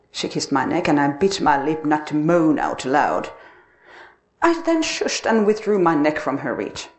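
A woman narrating a dark first-person literary story, expressive and dramatic. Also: sits low, unhurried.

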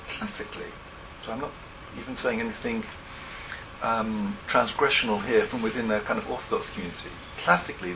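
A man's voice: medium pitch, background noise. A man lecturing to a class, thinking aloud and often correcting himself mid-sentence. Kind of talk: academic lecture.

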